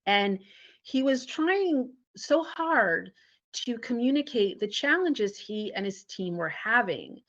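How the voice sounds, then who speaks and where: A woman, a company founder, telling lively stories in an interview and acting out the dialogue. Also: a little high, takes it slowly. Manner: animated storyteller acting out dialogue. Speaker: guest, founder and CEO. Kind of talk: casual interview storytelling. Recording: dull lo-fi audio.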